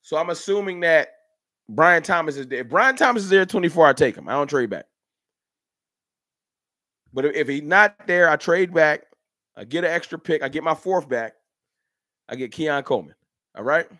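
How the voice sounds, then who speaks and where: A man hosting a casual fan livestream, talking in an animated, slangy way and answering his chat by name. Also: fairly high pitch, normal speed, long pauses, no room sound, clean studio sound. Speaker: livestream host. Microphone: streaming setup.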